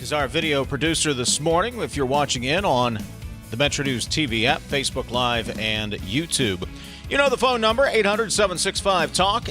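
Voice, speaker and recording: A male talk radio host with a lively, swooping delivery and a bright, forceful tone. He sounds upbeat and emphatic, speaking close to a studio microphone. A soft bed of music plays faintly behind him. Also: fairly high pitch.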